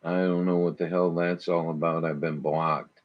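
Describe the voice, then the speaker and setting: A man's voice: deep voice, little pitch movement, normal speed, phone-quality sound. A man hosting a morning show, reacting to videos in casual chat with a crude, swearing, folksy way of talking. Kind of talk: casual commentary over videos.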